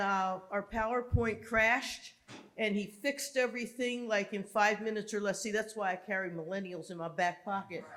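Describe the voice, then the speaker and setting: A woman's voice: on the high side, fairly bright tone. Upbeat woman emceeing a live event. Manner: upbeat, joking with the audience.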